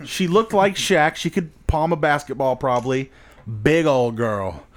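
A man's voice: fairly high pitch, unhurried. A young man telling crude, funny stories in casual chat and acting out the people in them. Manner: crude, laughing, acts out voices in stories. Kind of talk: casual storytelling.

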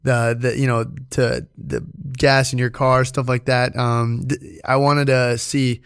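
Joking podcast host. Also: male voice, mid-range voice, level tone, a little slow, clear, resonant tone, no echo, studio quality. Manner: loose, joking, many fillers. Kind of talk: casual podcast chat.

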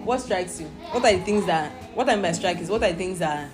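A woman's voice: fairly low pitch, lively intonation, fast, over music. A woman teaching a Bible study, reading scripture aloud and explaining it patiently, asking her listeners questions.

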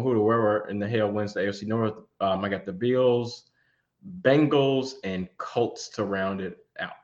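A man co-hosting a podcast, chatting casually about football with a laid-back, filler-heavy manner. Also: on the low side. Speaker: podcast co-host. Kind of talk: casual sports chat. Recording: dull lo-fi sound.

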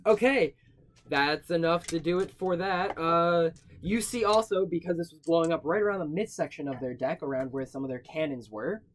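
A young man narrates a tabletop game as its game master, in a fairly high voice. He improvises in a casual way and swears freely. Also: normal speed.

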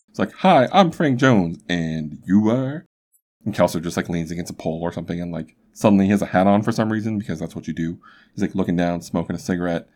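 A man's voice: deep voice, darkish tone. A young man hosting a podcast, telling a true crime story in a chatty, rambling way with lots of asides. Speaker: podcast host.

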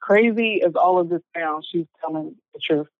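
A woman's voice: fairly low pitch, normal speed, no echo. A woman telling a personal story as an interview guest, earnest and full of filler words. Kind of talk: personal story told in conversation. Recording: narrow phone-like sound, dry.

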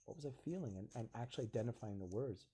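A man hosting a live stream talks in an earnest, reflective way. His voice is mellow and a little husky. He slips into short acted-out exchanges as he explains. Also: medium pitch, expressive, fast talker. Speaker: host of a live video stream. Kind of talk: casual live-stream talk.

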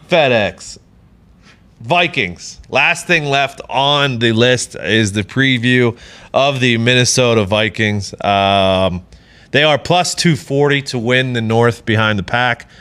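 A man's voice: mid-range voice, fairly bright tone, slight background noise. A man hosting a sports betting podcast, joking and swearing as he runs through the picks. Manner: joking, profane, runs through bets briskly. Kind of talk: casual chat.

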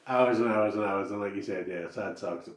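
A man with a fairly low voice trades army memories on a laid-back podcast. He laughs easily as he talks. The room gives his voice a noticeable echo. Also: moderate pace. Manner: laughs often, relaxed storyteller. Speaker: podcast co-host. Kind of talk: casual chat. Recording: roomy echo.

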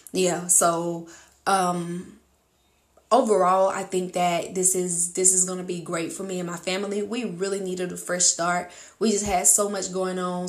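A woman with a rural American accent, hosting a podcast and talking in a blunt, outspoken way, with lively outbursts. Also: mid-range voice. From rural United States. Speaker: podcast host. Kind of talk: casual monologue. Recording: echoey room.

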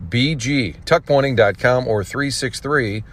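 A man's voice: mid-range voice, a little slow, a bit bright. A man hosting a talk radio segment, wrapping up with enthusiasm and reading sponsor mentions. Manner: chatty, enthusiastic wrap-up. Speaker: radio host.

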